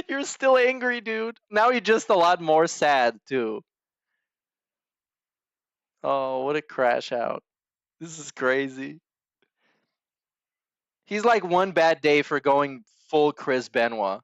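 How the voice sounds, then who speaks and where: A man's voice: on the high side, lively intonation, takes it slowly, long pauses, clean tone, dry recording, lo-fi sound. A man hosting a podcast, giving crude, sarcastic reaction commentary on stream clips.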